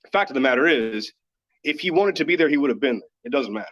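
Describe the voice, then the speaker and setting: A man's voice: mid-range voice, lively intonation, fast, a bit bright. A man from Dallas, Texas, telling a personal story as a podcast guest, earnest and candid, with lots of "like". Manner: earnest, candid, filler-heavy with frequent "like". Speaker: podcast guest, yoga teacher. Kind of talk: personal storytelling in casual chat. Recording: dull lo-fi audio.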